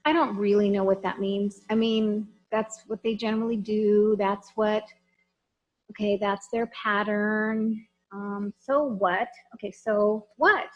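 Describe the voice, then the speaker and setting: A woman's voice: mid-range voice, takes it slowly, lo-fi sound. A woman trainer giving a conversational lecture, frank and emphatic, often putting questions to her listeners. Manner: lively, talks straight to the audience with questions.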